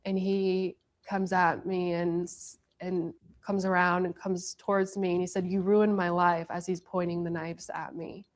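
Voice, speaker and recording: Low, flat-voiced woman recounting events. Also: measured pace, hardly any pauses. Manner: earnest, narrative, repeating herself. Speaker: interviewee. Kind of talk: recounting in a TV interview.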